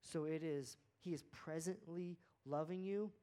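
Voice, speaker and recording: A man's voice: fairly high pitch, a little slow, dark tone, clear, resonant tone. A man preaching a sermon in an earnest, conversational way, often repeating words for emphasis. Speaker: pastor.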